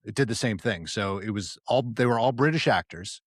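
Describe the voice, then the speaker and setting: Middle-aged male podcast co-host with a low voice. Relaxed and rambling, and he often hunts for words. Dry close mic. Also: brisk, no room sound. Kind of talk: casual chat.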